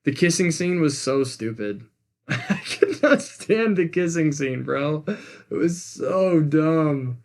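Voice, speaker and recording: A man's voice: a little high, lively intonation, slow. Man, podcast co-host, casual movie chat, blunt and opinionated, slangy.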